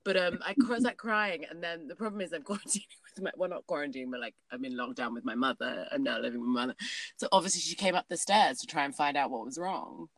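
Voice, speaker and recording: Low-voiced woman, candid and rambling. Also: quick pace, no room sound. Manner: candid, rambling, laughs often. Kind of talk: casual chat.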